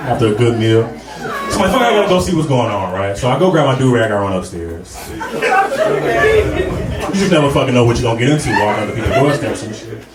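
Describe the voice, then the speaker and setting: Young male stand-up comic, profane storyteller, banters with the crowd, heard from a distance over a loud audience. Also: mid-range voice, animated, fast talker. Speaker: stand-up comedian. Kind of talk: stand-up comedy set. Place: comedy club stage. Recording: roomy live club sound from a distance with crowd.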